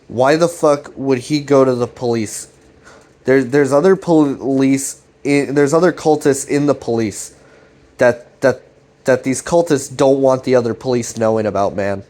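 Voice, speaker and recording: A commentary channel host with a medium-pitched, slightly mellow voice casually retells a web series scene by scene. He swears freely and loosely paraphrases the characters' lines as he rambles along.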